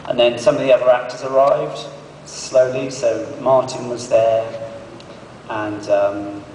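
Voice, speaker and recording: Man, panel actor, animated storytelling, roomy hall echo, faint hiss. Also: mid-range voice, takes it slowly. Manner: animated storytelling, acts out quotes. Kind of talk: anecdote told to an audience. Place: large convention hall. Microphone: phone recording from the audience. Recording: echoey hall from far off, faint noise.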